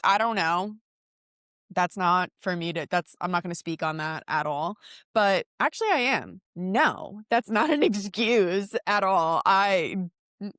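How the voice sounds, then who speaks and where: A woman reads online posts aloud and breaks in with fired-up reactions, often stopping herself mid-word. Her voice sits at an ordinary middle pitch. The sound is close and dry. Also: a bit bright, no room sound. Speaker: host.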